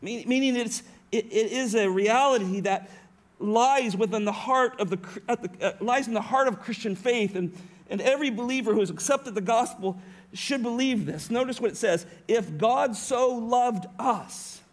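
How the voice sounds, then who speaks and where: A man's voice: extremely high pitch, normal speed. A middle-aged man pastor preaching a sermon in an earnest way, often correcting himself and restarting.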